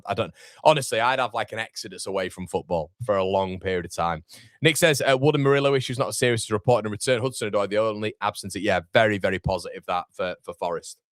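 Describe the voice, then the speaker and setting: A man's voice: fairly low pitch, fast talker, fairly bright tone, dry recording, clean studio sound. A man hosting a live football watchalong, chatting casually and reading viewer comments aloud.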